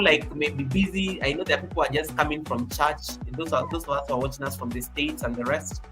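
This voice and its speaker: A livestream host with a Kenyan accent, chatting casually, reading out viewer comments and repeating phrases. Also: mid-range voice. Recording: music playing behind the voice.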